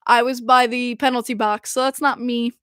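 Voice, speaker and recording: Young woman gushing on her podcast, high voice, giggly and rambly, super dry close mic. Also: moderate pace, clear, resonant tone, dry recording. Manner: excitable fangirl, giggly, rambling with restarts. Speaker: podcast host. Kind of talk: casual chat.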